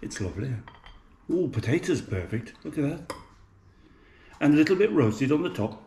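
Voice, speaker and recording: A man's voice: fairly high pitch, sing-song, moderate pace, background noise. A man with a Birmingham accent chatting to viewers while cooking at home, joking at his own expense. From Birmingham, England. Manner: chatty, self-mocking, talks to viewers. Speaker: home cook vlogger. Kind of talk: casual cooking vlog. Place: home kitchen. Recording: echoey kitchen with faint clatter.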